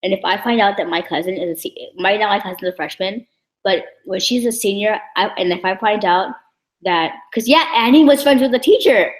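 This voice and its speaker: A woman's voice: medium pitch, brisk, roomy sound, rough recording. A young woman vlogging a casual story in a blunt, heated, profane way. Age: young adult.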